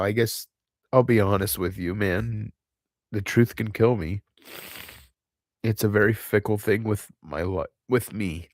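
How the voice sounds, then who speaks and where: A man speaking in an unscripted confessional monologue to his viewers, halting and heavy, often restarting and trailing off. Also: lowish voice, no echo, clean studio sound. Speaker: channel host.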